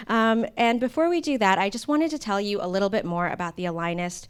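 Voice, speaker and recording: A woman with a smooth, resonant voice hosts a live studio event. She explains things in a conversational way, with the odd filler. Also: mid-range voice, fairly quick. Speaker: event host. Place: intimate studio stage.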